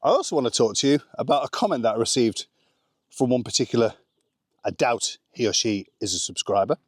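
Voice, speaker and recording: A man's voice: medium pitch, animated, slightly rough, no room sound, clean studio sound. Joking English man on a home vlog. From England. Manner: joking, teasing, quick interjections. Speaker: vlogger. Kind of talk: casual chat.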